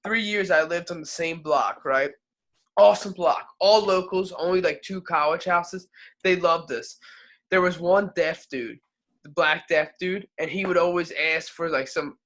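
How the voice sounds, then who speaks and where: A young man with a high, bright voice tells stories in loose, slangy podcast banter. He swears freely. He drops into quick character voices for the people he quotes. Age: young adult. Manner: animated, acts out quoted people in funny voices; laid-back slangy talk, profane. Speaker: podcast co-host. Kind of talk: casual storytelling chat.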